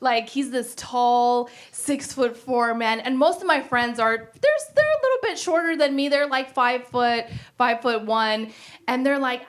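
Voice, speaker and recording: A woman with a high voice works a stand-up crowd on a stage mic. She talks animatedly, swings into exaggerated quoted voices, and laughs at her own jokes. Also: a little slow. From Pakistan. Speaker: stand-up comedian. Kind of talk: stand-up set. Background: audience laughter.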